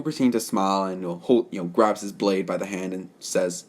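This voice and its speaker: A man's voice: low-pitched, fairly quick. A young man narrating a fan story off the cuff, rambling with many fillers and self-corrections.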